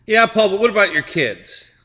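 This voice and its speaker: A man's voice: sits high, animated, normal speed, pushed and bright, in a large hall. A man hosting a live stream, chatting casually with viewers, rambling and repeating his words and laughing often.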